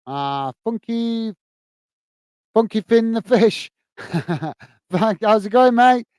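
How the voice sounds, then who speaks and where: Chatty UK football stream host. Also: male voice, high voice, animated, slow, a little mellow, clear, resonant tone, no room sound. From United Kingdom. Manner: chatty, many fillers, calls viewers mate. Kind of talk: live match commentary and chat with viewers.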